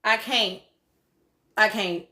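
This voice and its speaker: A woman's voice: medium pitch, slow pace. A woman hosting a casual reality-show recap livestream, talking bluntly and profanely. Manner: blunt, profane, animated commentary with laughs. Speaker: podcast host.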